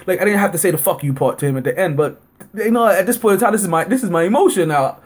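A man's voice: quick pace, husky. A man hosting a sports podcast, telling a story casually, acting out both sides of an argument and filling his talk with "like" and laughter. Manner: animated, acts out both sides of an argument with rising pitch; heavy use of fillers like "like" and frequent laughter. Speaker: podcast host.

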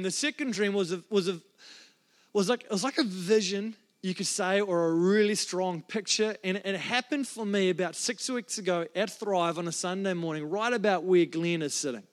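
A man preaching a sermon as a pastor, telling a personal story in an earnest, emotional way with frequent restarts. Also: high-pitched. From New Zealand. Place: church.

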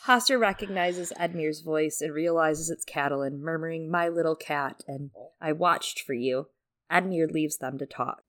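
A woman's voice: sits low, normal speed, a bit bright. A woman co-hosting a casual book podcast, summarizing chapters with swearing and frequent laughter. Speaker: podcast co-host.

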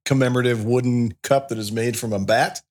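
A young man guesting on a podcast, laid-back and rambling as he tells a story. His pitch sits in the middle range. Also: steady tone, a little fast, darkish tone. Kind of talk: casual podcast chat.

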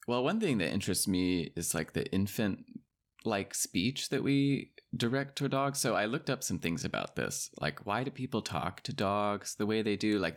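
A podcast co-host with a low, gravelly voice talks in a casual conversation podcast. His manner is thoughtful and musing, with lots of hedging.

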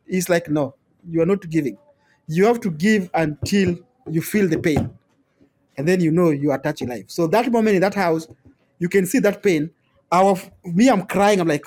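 A man with a Kenyan accent, a guest telling stories in an interview, animated and often repeating words and laughing. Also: high voice, moderate pace. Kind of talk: storytelling in conversation.

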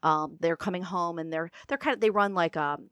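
A woman telling a story in casual podcast chat, chatty and quick to laugh, trailing off with fillers. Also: on the low side, a bit bright, dry recording. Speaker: podcast co-host.

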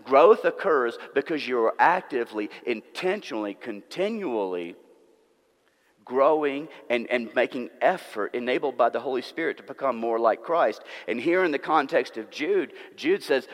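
A man's voice: medium pitch, expressive, moderate pace. A man preaching a sermon, earnest and emphatic, repeating words for stress. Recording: long reverb of a church hall.

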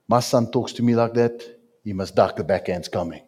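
Husky guy preaching in church, big swings up and down. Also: a little fast. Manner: preaching, dramatic swings of pitch and loudness. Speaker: pastor. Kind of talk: sermon.

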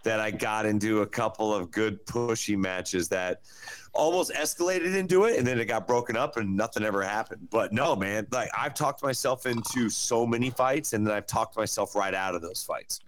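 Man, lowish voice, casual podcast co-host, curious, chatty. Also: normal speed, a little hiss or hum. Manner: curious, asks follow-up questions. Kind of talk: casual chat.

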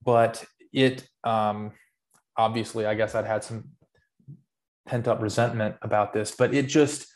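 A man's voice: fairly low pitch, fairly even intonation, measured pace. A man co-hosting a podcast, explaining his view in casual, earnest, rambling talk with restarts. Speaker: podcast co-host. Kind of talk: casual theological discussion.

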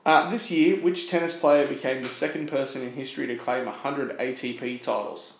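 A man's voice: medium pitch, brisk, gravelly. Joking man in an echoey room. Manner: rambling, joking explanations. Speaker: podcast co-host. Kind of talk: casual chat, quiz.

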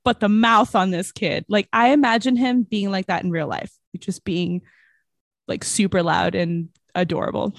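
A young woman co-hosts a podcast, chatting casually about a movie in a bubbly, giggly way with lots of fillers. Her voice is medium-pitched, and the recording is dry and studio quality.

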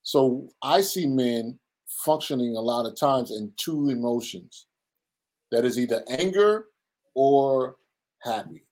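Man, 50s, pastor, earnest preacherly delivery, interview guest, medium pitch. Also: animated, takes it slowly, darkish tone, rough recording. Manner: earnest, preacherly, acts out quoted voices. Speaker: guest, pastor and men's ministry leader. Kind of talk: conversational interview.

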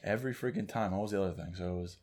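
A man's voice: sits low, very fast, a crowd in the background. A man co-hosting a podcast in casual chat, chatty and teasing, saying "dude" a lot. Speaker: podcast co-host.

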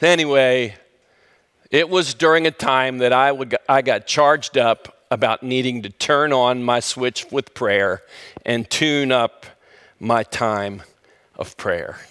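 A man's voice: mid-range voice, takes it slowly, a bit bright, clean tone. A middle-aged male pastor telling a funny story in his sermon, dramatic and self-mocking.

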